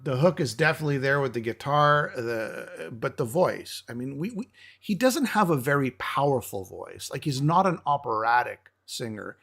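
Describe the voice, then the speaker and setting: A man's voice: medium pitch, lively intonation, moderate pace, vocal fry, a bit bright, husky. A man co-hosting a metal music show who eagerly breaks down a song's guitar and vocals, stammering at times. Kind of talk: casual music review chat.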